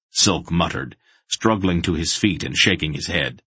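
A man narrating a fantasy audiobook in a dramatic, measured storytelling manner. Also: deep voice, a bit bright, breathy edge, no room sound.

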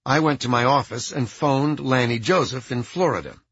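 A man's voice: medium pitch, moderate pace, fairly bright tone, husky, no echo. A man narrating a first-person audiobook in a dry, wry way, on a slightly dull recording.

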